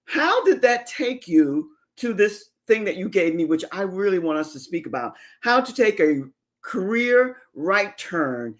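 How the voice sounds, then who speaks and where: High, effusive livestream host. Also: male voice, big pitch swings, measured pace, a bit bright. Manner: effusive, enthusiastic, repeats affirmations. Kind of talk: livestream interview.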